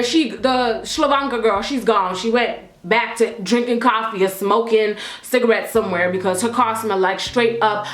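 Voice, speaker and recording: A young woman telling a storytime vlog in an animated, slangy, profane way. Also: on the high side. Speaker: vlogger. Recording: roomy echo, faint music.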